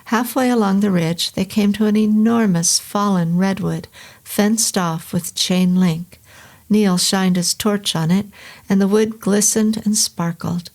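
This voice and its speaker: A woman reading a vintage horror novel aloud as narrator, in a steady, unhurried storytelling manner. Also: medium pitch. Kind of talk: scripted audiobook narration.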